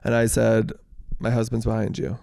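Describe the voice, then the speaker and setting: A young man co-hosting a podcast, telling a story in casual chat, animated, laughing and swearing freely. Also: on the low side, normal speed, creaky, dry recording, clean studio sound. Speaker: podcast co-host.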